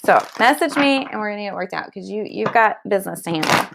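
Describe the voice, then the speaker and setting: A woman's voice: medium pitch, animated, fast, vocal fry, heavy background noise. A woman giving a live tarot card reading, talking straight to viewers with blunt, emphatic tough-love advice, some swearing, and a constant "okay?" to check in. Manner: keeps checking in with "okay?" and "all right?".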